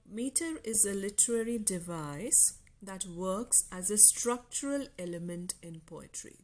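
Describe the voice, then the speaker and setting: A woman with an Indian English accent giving a lecture to university students, explaining terms slowly and repeating key words. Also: medium pitch, darkish tone.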